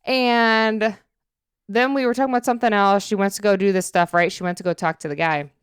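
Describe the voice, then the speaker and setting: Smooth-voiced, chatty female podcast co-host. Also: medium pitch, very fast, dry recording, studio quality. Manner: chatty, expressive storyteller. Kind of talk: casual chat. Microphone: dynamic podcast microphone.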